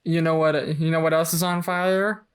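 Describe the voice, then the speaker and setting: A man's voice: fairly high pitch, level tone, moderate pace, smooth. A man co-hosting a casual rewatch podcast, playful and joking, sometimes doing silly voices. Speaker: podcast co-host.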